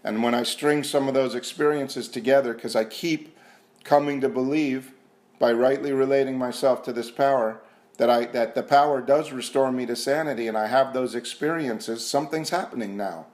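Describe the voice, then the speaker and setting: Guy sharing at a recovery meeting, earnest and chatty, average pitch, talking to a room. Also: steady tone, moderate pace, darkish tone. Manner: earnest, conversational, self-questioning. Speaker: AA meeting speaker.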